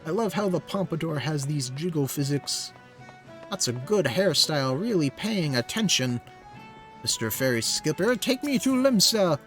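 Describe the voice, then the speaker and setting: A man's voice: a little high, sing-song, normal speed, fairly bright tone, soft background music. A young man streaming a game, chatting casually in rambling, filler-heavy asides. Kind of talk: casual let's-play commentary.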